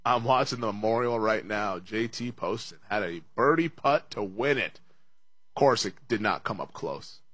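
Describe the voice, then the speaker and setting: A young man hosting a casual sports betting show, quick with asides and laughing often. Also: lowish voice, expressive, fairly bright tone, slightly rough, no room sound.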